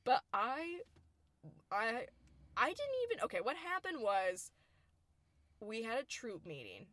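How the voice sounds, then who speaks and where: A young woman co-hosting a podcast, telling stories in a casual, animated way with quick asides. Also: on the high side, no echo. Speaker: podcast co-host. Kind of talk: casual storytelling chat.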